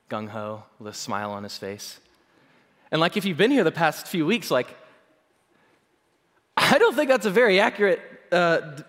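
A man's voice: a little high, a bit bright. A man preaching a sermon in a casual, playful way, often checking in with "okay?" and "right?". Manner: conversational, playful, many "like"s and "okay?". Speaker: pastor. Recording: long hall reverb.

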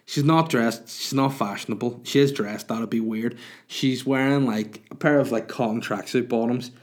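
A man's voice: mid-range voice, normal speed. A man in his thirties, a podcast host, telling a rambling, crude, self-mocking story in casual monologue.

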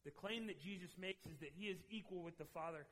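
A man who is a pastor, preaching a sermon and retelling film scenes in an animated storytelling way, speaking directly to the congregation. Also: sits high, fairly quick, poor audio.

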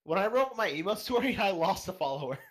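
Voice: mid-range voice, very animated, fast talker. A podcast co-host in casual chat, reading listener questions aloud in a laid-back way.

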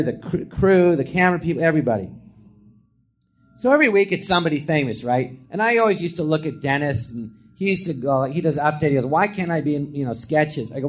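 A man, a comedian guest, telling stories in a live podcast and acting out the quotes in high, shouted voices. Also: a little hiss or hum. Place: podcast theatre before a live audience.

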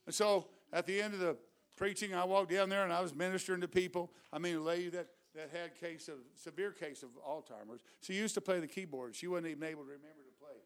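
A man preaching a revival sermon with a drawl. His voice sits high and comes through smooth and clear. He moves from hushed storytelling to loud, fervent exhortation. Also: fast talker.

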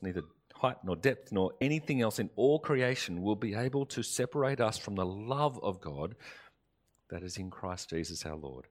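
A man preaching a sermon as pastor, earnest and emphatic, rising in force and then dropping to soft, slow phrases. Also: fairly low pitch. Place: church or studio, recorded for online service.

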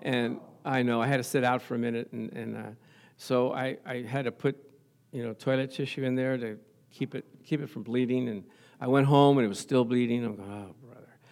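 A man's voice: mid-range voice, steady tone, a little fast, a little mellow. A man in his sixties preaching a sermon in church, telling funny stories about his marriage, laughing often and calling out "Amen?" to the congregation. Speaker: pastor. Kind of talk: humorous sermon.

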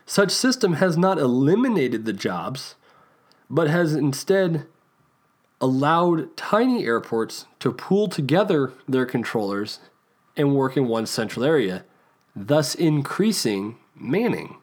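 A man's voice: mid-range voice, sing-song, slow. A young American man hosting a podcast, talking casually on his own with a chatty, self-deprecating manner and frequent restarts. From United States. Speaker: podcast host. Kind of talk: casual solo podcast talk.

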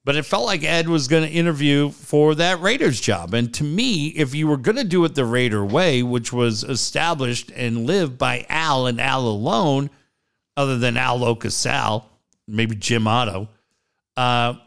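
A man's voice: medium pitch, a little slow, vocal fry, a bit bright, clear, resonant tone. A middle-aged man co-hosting a sports talk show, swearing freely and mocking the people he talks about. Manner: profane, mocking storyteller who mimics people. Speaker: sports radio co-host.

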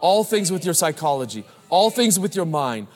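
A man in his thirties preaching a sermon as pastor, animated, telling stories and calling out to the congregation. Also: fairly high pitch, normal speed. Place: large church. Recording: live church hall with long reverb.

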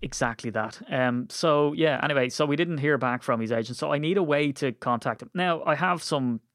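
A man's voice: a little high, brisk, fairly bright tone, no echo. A man with an Irish Wicklow accent hosting a podcast in a rambling, jokey, chatty way on a studio mic. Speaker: podcast host. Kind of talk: casual podcast chat.

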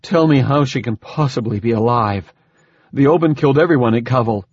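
A man's voice: mid-range voice, a little fast, a little mellow, husky, dry recording, dull audio, close to an everyday voice. A man voicing a grown man who speaks with restraint, his voice close to breaking. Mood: strained. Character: grown man, strained and emotional, holding back.

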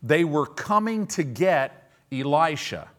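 A male pastor preaches in a lively, sing-song way, his voice rising and falling widely. He speaks slowly and deliberately, with a slightly higher-than-usual pitch. He reads scripture and breaks it up with playful asides. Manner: animated preaching with humorous asides; reads scripture aloud and explains it. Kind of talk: sermon.

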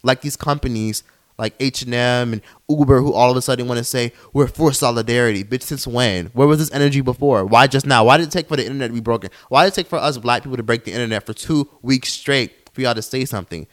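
A man's voice: mid-range voice, fast. A young man hosting a solo podcast, heated and profane, mocking others in put-on voices. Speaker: podcast host.

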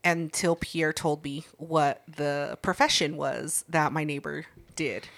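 A woman's voice: deep voice, slow, creaky. A woman telling stories in a casual chat, cursing constantly and acting out the people in them. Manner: profane, animated, acts out voices.

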